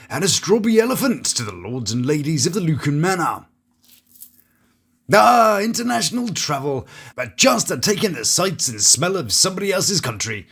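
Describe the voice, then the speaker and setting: A man's voice: a little high, a bit bright, breathy edge. A British man giving sarcastic, jokey scripted commentary on reality TV, with mock-theatrical asides. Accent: British English. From Britain. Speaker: reality TV reviewer.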